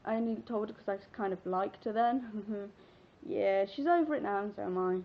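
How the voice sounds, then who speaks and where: Speaking at a moderate pace in a mid-range voice, a teenage English vlogger of sixteen chats and giggles her way through a rambling personal story full of fillers, recorded on dull, lo-fi webcam sound.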